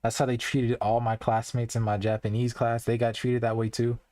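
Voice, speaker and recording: A young man talks to his stream chat in a relaxed, earnest ramble, often restarting his sentences and filling gaps with "like". His voice sits at a middle pitch. The recording is dry and close, with almost no room sound. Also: normal speed, no echo. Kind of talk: casual live-stream commentary.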